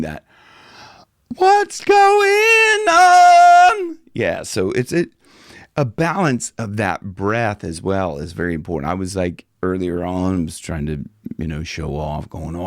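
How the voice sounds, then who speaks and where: A male vocal coach chatting casually through a singing lesson at home, self-mocking between high, yawning demonstrations. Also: no echo, clean studio sound. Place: home room with guitars.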